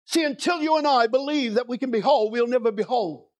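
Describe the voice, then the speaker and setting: A man's voice: very high-pitched, fast talker, no room sound, lo-fi sound. A man preaching a sermon in a church, reading scripture and building to emphatic, repeated declarations.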